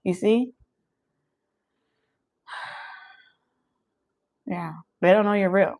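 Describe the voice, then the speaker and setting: A woman giving a casual channeled tarot reading, talking straight to her viewers in an animated, preachy way and laughing often. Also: mid-range voice, drawn-out words, rough recording. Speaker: tarot reader.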